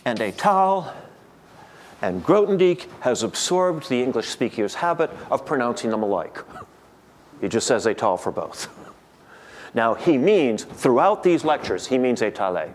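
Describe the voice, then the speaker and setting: A man's voice: medium pitch, sing-song, moderate pace, slight background noise. A man giving an academic lecture to a room of listeners, thinking aloud with frequent restarts and repeated words.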